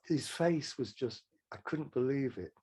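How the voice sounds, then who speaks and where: Brief: older man, husky voice, frank storyteller who restarts his sentences. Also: medium pitch, lively intonation, measured pace, darkish tone. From Manchester, England. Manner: rambling anecdotes with restarts, frank. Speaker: songwriter guest. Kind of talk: casual interview storytelling.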